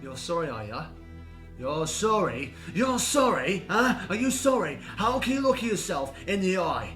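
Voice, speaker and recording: A man voicing a grieving father who shouts accusations at a neighbour in a home-made drama. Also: on the high side, sing-song, normal speed, faint music behind. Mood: furious. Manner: shouting, confrontational.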